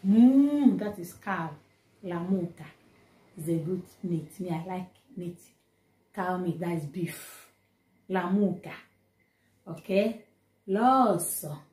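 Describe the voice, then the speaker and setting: A woman with a Nigerian Pidgin accent teaching vocabulary informally, repeating each word slowly and then chatting in Pidgin asides. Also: fairly low pitch, warm tone, reverberant. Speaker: language teacher.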